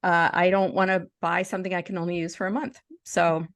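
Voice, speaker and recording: Lower-voiced woman co-hosting a podcast. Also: level tone, a little fast, dry recording, clean studio sound. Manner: chatty, with frequent restarts while reading. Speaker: podcast co-host. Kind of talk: casual chat and reading a story aloud.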